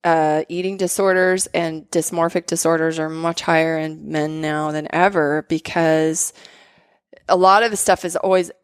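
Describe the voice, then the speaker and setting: Woman, doctor guest, animated talker, dry close-mic podcast sound. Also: low voice, normal speed, clear, resonant tone, no room sound. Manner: animated storyteller, many "like" fillers. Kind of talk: casual chat.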